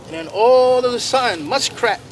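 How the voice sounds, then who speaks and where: A man with a fairly high voice tells a traditional animal tale to a small group outdoors, playful and animated. Loud road traffic runs constantly behind him. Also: normal speed. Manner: animated, playful, chatting with listeners. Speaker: storyteller. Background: traffic noise.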